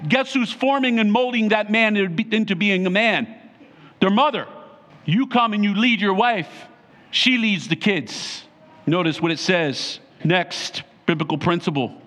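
High-voiced preaching man. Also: sharp tone. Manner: emphatic preaching with repeated short phrases. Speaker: pastor. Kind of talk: sermon.

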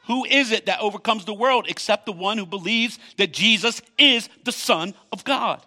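A man preaching from the pulpit with a high voice and a bright, forceful edge. He reads scripture aloud, then drops into quick asides. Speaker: pastor. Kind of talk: sermon.

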